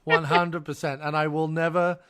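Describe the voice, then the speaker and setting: This podcast host, easygoing and laughing often, chats casually and reads a listener's email aloud. His voice is a little high and bright, with little pitch movement, a forceful, clean tone, and normal speed.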